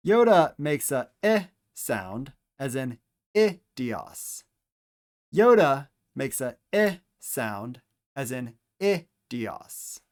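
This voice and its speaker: A man teaching Greek pronunciation, speaking deliberately and repeating each letter and example word for the listener. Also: medium pitch, sing-song. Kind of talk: slow instructional pronunciation lesson.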